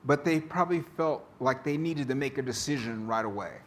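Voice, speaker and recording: A man preaching a sermon, reading scripture and telling jokes in a slow, deliberate way. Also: mid-range voice, a little hiss or hum. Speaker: pastor.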